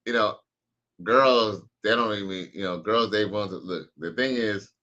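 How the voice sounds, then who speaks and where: A man's voice: on the low side, a little slow, bright, forceful tone, muffled recording. A man casually commenting on a live stream, slangy and profane, reacting to clips and reading out chat. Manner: laid-back, slangy, profane, reads out chat messages.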